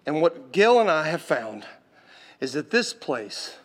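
A man preaching a sermon, impassioned and exhorting, swinging from loud intensity to hushed tones. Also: fairly high pitch, big pitch swings, measured pace.

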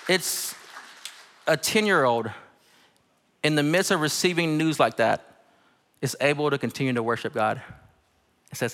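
A young adult man, a pastor, giving a conversational, animated sermon in a church. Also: fairly high pitch, moderate pace, in a large hall. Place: church sanctuary.

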